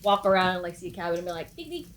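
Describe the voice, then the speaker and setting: A woman's voice: on the low side, level tone, very fast, a little hiss or hum. A woman chatting casually among friends, rambling with lots of "like" fillers. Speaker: dance company member. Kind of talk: casual chat.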